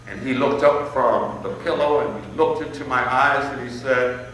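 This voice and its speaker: A middle-aged man from Illinois, an inspirational speaker telling a personal story on stage with emphatic, dramatic pauses and repetition. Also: mid-range voice, fairly even intonation, fairly bright tone. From Illinois, USA. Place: large hall on stage. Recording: echoey hall, mic far off, faint noise.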